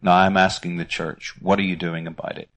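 A man's voice: low-pitched, little pitch movement, a little fast, fairly bright tone. A middle-aged man with a Northern Irish accent, speaking earnestly as a ministry guest in a conversational interview, often repeating words as he starts a phrase.

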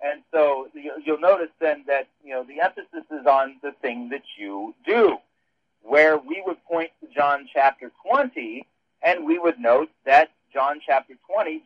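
A man's voice: fairly high pitch, gravelly, dry recording. A man on a radio show explaining theology in a rambling way, with frequent restarts. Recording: dull phone-line sound.

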